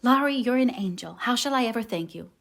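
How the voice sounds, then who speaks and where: A woman reading the part of a passionate, warmhearted teenage girl in an audiobook, her voice rising into high emotional cries. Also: expressive, quick pace, creaky. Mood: overjoyed.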